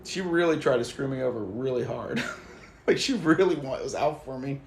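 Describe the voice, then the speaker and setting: A young man telling a story on a live stream in a casual, animated way, swearing freely and acting out what he said to others. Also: medium pitch, moderate pace, echoey room, a little hiss or hum. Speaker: livestream host. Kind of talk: casual livestream chat.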